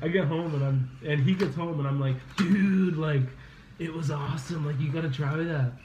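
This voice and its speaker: A man's voice: on the high side, steady tone, moderate pace, a little mellow, reverberant, a little hiss or hum. A young man hosting a podcast, telling a rambling story in casual chat, laughing and swearing as he goes. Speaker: podcast host. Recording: slightly dull lo-fi podcast audio, faint ambience.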